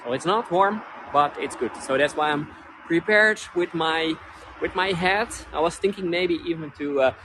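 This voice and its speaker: A man's voice: a little high, moderate pace, noisy background. Chatty Dutch man guiding outdoors. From Netherlands. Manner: chatty and friendly, many restarts. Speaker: tour guide. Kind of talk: live-streamed walking tour. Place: street outdoors in a cold town.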